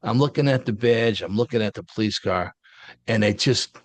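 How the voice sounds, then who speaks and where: Gravelly New man telling a story. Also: on the low side, moderate pace, no echo. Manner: colloquial, blunt, street-wise phrasing. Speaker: interview guest. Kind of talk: casual first-person storytelling.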